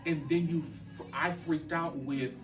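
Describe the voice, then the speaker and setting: A man telling a deeply personal story as a podcast guest, speaking earnestly with halting restarts. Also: fairly even intonation, roomy sound, distant mic, background noise.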